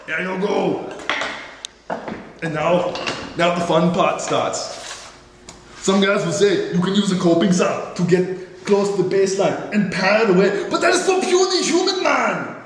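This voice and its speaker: A man's voice: high-pitched, steady tone, measured pace, long pauses. A man teaching woodworking by hand in a workshop, demonstrating step by step with playful, mock-macho humor. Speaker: woodworking instructor. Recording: echoey hall with background noise.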